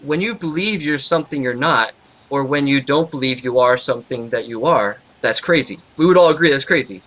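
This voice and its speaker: Bright-voiced male Christian therapist. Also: medium pitch, brisk, rough recording. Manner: lively storyteller, laughs easily. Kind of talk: casual chat.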